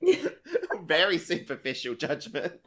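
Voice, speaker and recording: Aussie guy cohosting a podcast, laughs a lot, really animated. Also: a little high, normal speed. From Australia. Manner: playful, laughs a lot, asks questions. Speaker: podcast co-host. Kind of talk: casual podcast interview.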